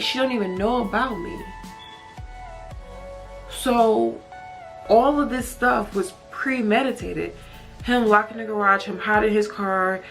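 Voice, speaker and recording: Woman doing a storytime vlog, slow talker, emotional, cusses a lot, says like constantly, soft music behind. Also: mid-range voice. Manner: emotional, candid, heavy use of "like" and profanity. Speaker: vlogger.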